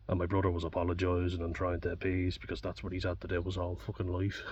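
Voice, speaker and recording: Deep flat-voiced Irish man, sweary. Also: fast, few pauses, husky. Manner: blunt, sweary, candid. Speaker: vlogger. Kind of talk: personal reflective monologue. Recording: dull distant mic with faint background noise.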